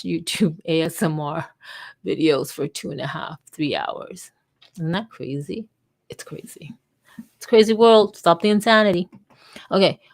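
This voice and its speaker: A woman hosting a casual livestream, rambling and jokey, often cutting herself off, with keyboard typing behind her. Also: deep voice. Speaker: vlogger and livestream host.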